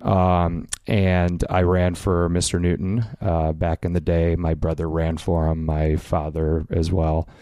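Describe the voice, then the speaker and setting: A man's voice: deep voice, level tone, measured pace, few pauses, dark tone, dry recording, studio quality. A man with a Chicago accent, a filmmaker guest in a casual interview, talking with lots of fillers and restarts and laughing easily. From Chicago area, USA.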